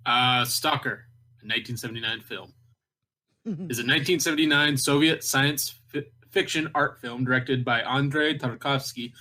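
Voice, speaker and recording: A man's voice: medium pitch, fairly even intonation, normal speed, few pauses, pushed and bright. A man co-hosting a casual podcast, joking around and stumbling over hard names while reading film facts. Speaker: podcast co-host.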